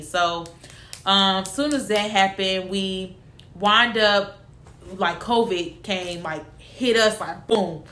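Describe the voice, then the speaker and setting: Young woman, bright voice, chatty storytelling in an echoey room. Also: mid-range voice. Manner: animated, acts out quotes of family. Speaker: vlogger. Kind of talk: casual storytelling.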